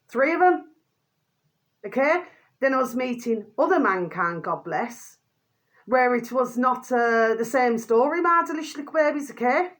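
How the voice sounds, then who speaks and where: A woman's voice: on the high side, fairly bright tone. Angry ranting woman vlogger. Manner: angry, repeats pet phrase to viewers, mild swearing. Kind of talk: ranting monologue to camera.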